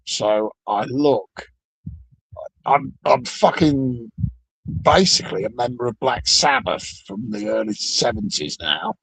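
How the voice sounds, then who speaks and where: A middle-aged Englishman rants on his own, blunt and sardonic, swearing through nearly every sentence. His voice is gravelly and husky, and his pitch swings up and down a lot. The sound is dry and close. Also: big pitch swings, slow pace, fairly bright tone, dry recording, low-quality recording. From Britain. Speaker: vlogger. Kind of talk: profane solo rant.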